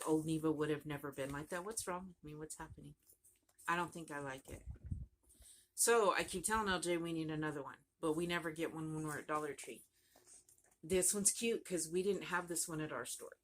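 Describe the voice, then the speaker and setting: A woman's voice: sits low, a bit bright, slight background noise. A woman vlogging casually about her crochet project, rambling and chatty, often trailing off and starting over. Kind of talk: casual chat to camera.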